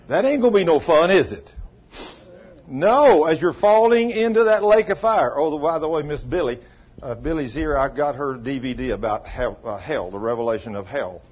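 Folksy preacher, husky and muffled. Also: male voice, on the high side. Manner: folksy storytelling preacher, acts out dialogue. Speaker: pastor. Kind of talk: sermon. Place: small church.

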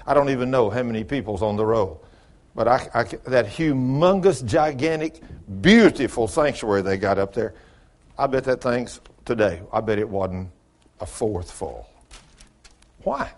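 A man preaching a sermon in folksy storytelling style, dropping to low mutters and rising to high exclamations. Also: darkish tone. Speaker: pastor.

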